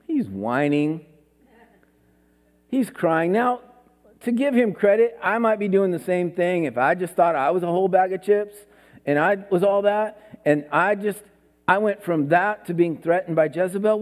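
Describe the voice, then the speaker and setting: A man preaching a sermon as pastor, swinging from loud exclamations to hushed, near-whispered lines. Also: on the high side, animated, unhurried. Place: church hall. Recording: long hall reverb.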